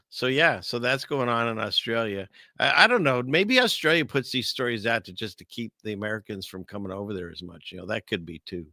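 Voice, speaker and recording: A low-leaning, pushed and bright male voice in a dry, studio-quality recording belongs to an online show host. He meanders through news stories on a casual livestream, joking around and reading viewer chat out loud.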